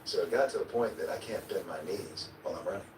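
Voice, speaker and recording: Man, low voice, animated storyteller, echoey distant sound, noisy replayed clip. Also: fast. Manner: vivid storyteller, acts out his own quotes, swears and chuckles. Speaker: interview guest. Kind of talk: casual storytelling in an interview.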